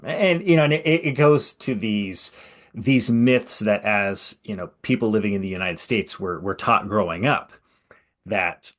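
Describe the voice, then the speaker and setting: Podcast host guy, voice swings up and down a lot, sarcastic, loves rhetorical questions. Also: on the low side. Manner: animated, sarcastic, asks pointed rhetorical questions. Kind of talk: conversational podcast interview.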